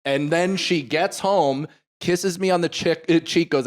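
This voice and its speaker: Animated man telling a comedy story. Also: a little high, measured pace. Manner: animated, acts out both sides of a story, swears freely. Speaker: comedy podcast co-host.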